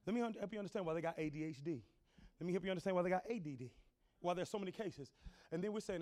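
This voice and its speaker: Speaking quickly, a middle-aged male pastor delivers a sermon in plain, homespun phrasing. He moves from low, conversational tones up to booming shouts.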